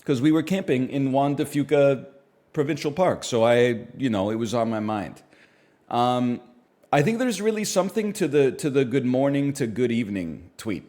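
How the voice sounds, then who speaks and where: A man's voice: mid-range voice, very animated, normal speed, darkish tone. A man streaming, chatting casually and riffing wryly on his own jokes with mock-serious asides. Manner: rambling, wry, mock-serious bits.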